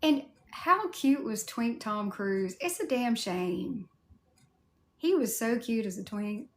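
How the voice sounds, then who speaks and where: A woman's voice: on the high side, expressive, takes it slowly. A woman with a Southern US accent chatting casually on a livestream, answering viewer comments in a candid way with mild swearing. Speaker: cosplay livestreamer.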